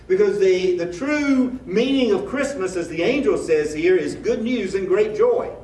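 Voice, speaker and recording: A man's voice: high voice, animated, unhurried, darkish tone. Man, pastor, sermon, rhetorical questions, heard from a distance, faint background hiss. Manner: conversational preaching with rhetorical questions. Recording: echoey room, mic at a distance.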